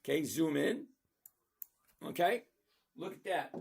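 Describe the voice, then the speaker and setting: Blunt high-voiced man with a gravelly edge. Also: expressive, normal speed. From lives in Florida. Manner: blunt, sarcastic, talks to viewers by name. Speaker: trading channel host. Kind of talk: casual stock commentary over a screen share.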